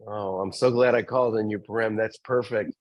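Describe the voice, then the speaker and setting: A man hosting a spiritual community session, calling on members gently and laughing often. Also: lowish voice, steady tone, moderate pace, dry recording, rough recording. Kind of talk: casual warm group chat.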